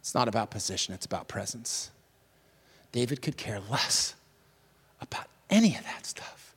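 A man preaching a sermon in a lively, casual way, with slang and sudden swings from loud to hushed. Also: mid-range voice, moderate pace, pauses often, husky. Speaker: pastor. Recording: long reverb of a large hall.

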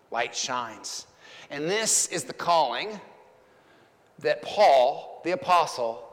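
A male pastor preaching in a fairly high voice, building each point with emphatic, rhythmic repetition. He sounds like a storyteller, and his voice hangs in the long reverb of a large church sanctuary. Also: a bit bright. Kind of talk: sermon.

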